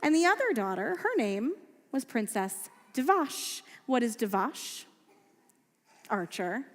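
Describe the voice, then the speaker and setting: Playful high-voiced woman telling a children's story. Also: big pitch swings, takes it slowly. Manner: playful, asks the children questions. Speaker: children's storyteller at a family service. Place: synagogue sanctuary. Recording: echoey hall with faint music.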